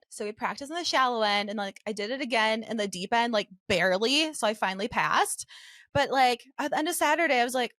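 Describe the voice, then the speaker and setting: Higher-voiced woman telling a story. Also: fast talker, no echo, clean studio sound. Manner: animated, heavy "like" filler, acts out her own panicked quotes. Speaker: podcast co-host. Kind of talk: casual storytelling chat.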